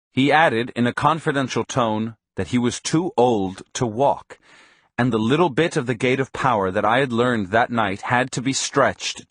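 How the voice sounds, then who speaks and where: A man reading an audiobook in scripted narration, measured and even. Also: fairly low pitch, dry recording, clean studio sound.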